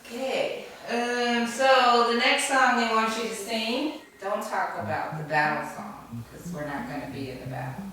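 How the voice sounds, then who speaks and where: A woman off camera, working as a producer and giving quick directions. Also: fairly high pitch, a crowd in the background. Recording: distant, very echoey, music behind.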